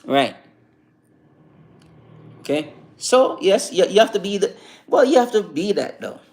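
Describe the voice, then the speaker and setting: A man hosting a live stream, giving a casual motivational talk that rambles and repeats, full of "you know" fillers. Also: sits high. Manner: recites slow calm affirmations.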